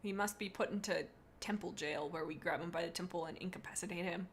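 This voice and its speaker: A woman's voice: fairly low pitch, fast talker, slight background noise. A woman on a live stream, rating viewers' pet cats in a playful, rambling way and reading chat comments aloud into a desk microphone.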